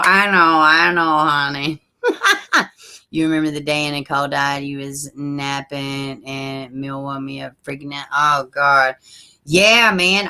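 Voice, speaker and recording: A woman hosting a casual livestream, chatting straight to her viewers and reading their comments aloud, with soft asides under her breath. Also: low-pitched. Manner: frequent soft asides while fiddling with links. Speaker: livestream host.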